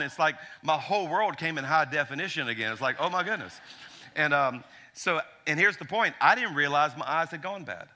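Pastor, forties, male; bright, crisp tone, humorous sermon storyteller. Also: a little high. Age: 40s. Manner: storytelling with humor, animated asides.

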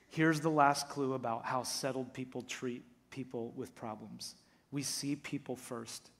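A male pastor preaching a sermon, animated, acting out quotes and swinging between loud and hushed. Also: medium pitch.

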